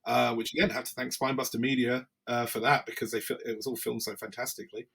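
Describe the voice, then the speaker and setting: Husky wrestler telling stories. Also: male voice, mid-range voice, fast talker. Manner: animated storyteller, acts out quotes. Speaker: wrestler guest. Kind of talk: casual interview storytelling.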